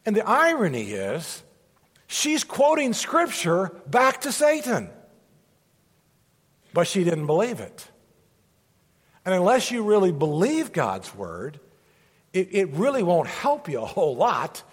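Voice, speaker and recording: A pastor delivers an earnest sermon in a fairly high male voice, repeating key phrases for emphasis. His words ring out with a long reverb from the large hall where he is preaching to a gathered congregation. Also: wildly swooping pitch, takes it slowly, pauses often, breathy edge.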